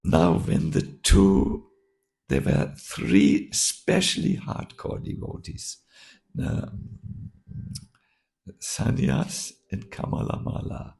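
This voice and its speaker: Gravelly, slow-speaking monk teaching scripture. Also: male voice, medium pitch, a little mellow. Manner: halting, with many fillers and restarts. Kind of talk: scripture class storytelling.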